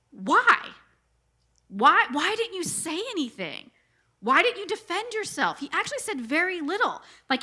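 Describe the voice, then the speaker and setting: A woman pastor giving a sermon in a conversational, animated way, with frequent asides and "right?" checks to the congregation. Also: a little high.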